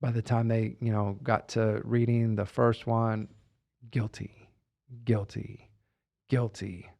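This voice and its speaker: A man's voice: fairly low pitch, completely flat delivery, a little slow, vocal fry, darkish tone. A man telling a candid personal story in a reflective way. He repeats phrases for emphasis and often says "you know" and "like.". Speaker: guest sharing personal story.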